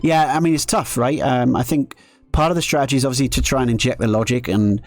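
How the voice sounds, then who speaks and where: A man's voice: mid-range voice, steady tone, quick pace, no echo. A man commentating his own live poker play on stream, joking sarcastically at his own expense between strategy talk. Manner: self-mocking, sarcastic joking.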